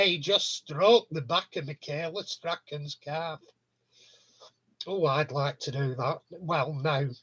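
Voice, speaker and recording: A man, hosting a casual live stream chat. His voice sits high for a man, and he talks slowly. He tells rambling stories and chuckles along the way. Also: sharp tone.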